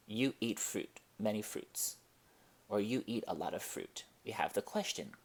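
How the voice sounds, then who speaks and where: Slow-paced male language teacher. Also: on the low side, lively intonation. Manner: slow, deliberate explanations with Spanish examples. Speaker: Spanish teacher. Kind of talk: classroom-style language lesson.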